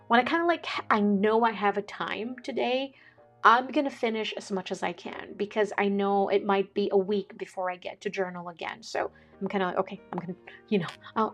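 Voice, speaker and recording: A chatty woman talks casually in a vlog. Her voice sits mid-range and she is excitable, laughing often. Faint music plays behind her. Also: mid-range voice. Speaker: vlogger. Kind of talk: casual chat.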